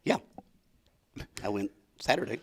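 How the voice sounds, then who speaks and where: An older man, co-hosting a morning talk show and dropping dry, joking asides. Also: a little slow. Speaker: co-host. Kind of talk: casual chat.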